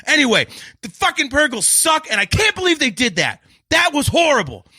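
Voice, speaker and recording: A man co-hosting a casual podcast review, ranting loudly and swearing often. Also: very high-pitched, huge pitch swings, a little fast, no echo, clean studio sound. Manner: profane shouting rants. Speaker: podcast co-host.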